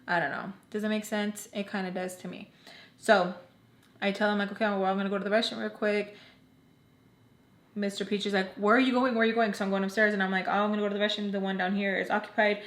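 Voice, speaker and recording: A young woman tells a personal story straight to camera in a loose, rambling, conversational way. Her voice sits in a middle pitch and carries a noticeable roomy echo. She keeps slipping in quick snippets of what others said. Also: level tone. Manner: chatty, lots of "like", quotes others in passing. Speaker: storytime vlogger. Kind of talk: casual storytelling. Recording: echoey room.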